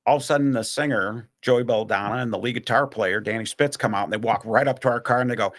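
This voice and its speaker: Speaking fast at a medium pitch, a man tells stories in a laid-back podcast conversation. He's lively and animated, a guest or host reliving memories and acting out the voices of the people involved.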